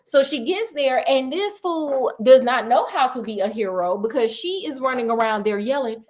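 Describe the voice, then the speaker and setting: A woman's voice: high-pitched, lively intonation, normal speed, few pauses. Sassy, chatty woman storyteller. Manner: sassy, chatty, laughing asides. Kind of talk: casual comedic book retelling.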